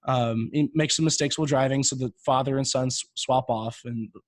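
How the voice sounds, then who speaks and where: A man's voice: mid-range voice, fairly even intonation, no echo. Young guy on a podcast dragging out a joke, lots of restarts, dry close mic. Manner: rambling joke storyteller, halting restarts. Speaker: podcast co-host. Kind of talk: casual podcast storytelling.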